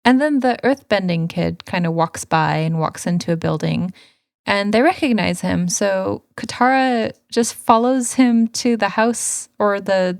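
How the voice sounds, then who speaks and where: A woman co-hosts a podcast with a mid-range voice, retelling a cartoon episode in relaxed chat. She slips into playful voices for the characters' lines. The sound is dry and close. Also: medium pitch, unhurried, vocal fry, no room sound. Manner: animated storyteller, acts out characters' lines. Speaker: podcast co-host. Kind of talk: casual episode recap chat.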